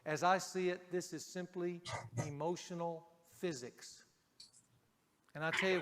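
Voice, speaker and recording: A man preaching a sermon to a men's group, speaking emphatically and dropping to a hush on key points. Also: on the high side, big-room sound.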